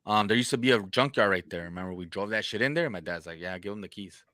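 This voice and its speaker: Lowish bright-voiced podcast host, swears a lot, dry close mic. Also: male voice, lively intonation, rapid-fire, dry recording. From Los Angeles area. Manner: profane, laid-back slang. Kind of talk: casual storytelling.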